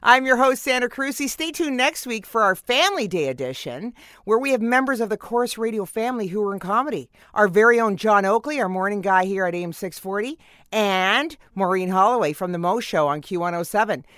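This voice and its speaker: A woman's voice: mid-range voice, lively intonation, a little fast, a bit bright, no room sound. A woman hosting a radio comedy show, reading a scripted introduction in an upbeat announcing style. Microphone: studio mic.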